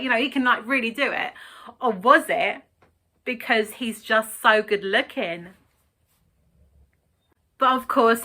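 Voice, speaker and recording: A chatty woman vlogging about a children's TV presenter, with a high, bright voice. She giggles often and scatters "like" all through her casual talk. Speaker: YouTuber. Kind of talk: casual vlog chat.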